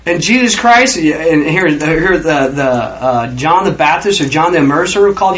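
Man teaching a bible study, raised pitch, informal and rambling, acts out quotes, dull lo-fi sound. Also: expressive, normal speed, few pauses, a bit bright, a little hiss or hum. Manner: rambling, acts out scripture figures.

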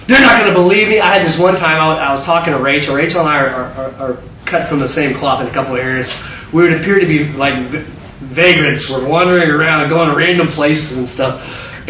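A man preaching a sermon full of stories, animated and stumbling over repeated words. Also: fairly high pitch, slight background noise. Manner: animated, self-interrupting with repeated words and laughs. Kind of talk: sermon with storytelling. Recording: distant roomy mic, slightly dull.

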